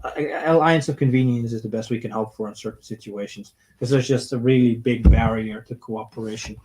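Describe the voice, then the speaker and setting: A man's voice: medium pitch, fairly quick, a little mellow, slight background noise, low-quality recording. Blunt man answering questions. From Netherlands. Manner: blunt and opinionated, reads out questions then answers. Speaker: streamer answering viewer questions. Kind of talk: casual livestream Q&A.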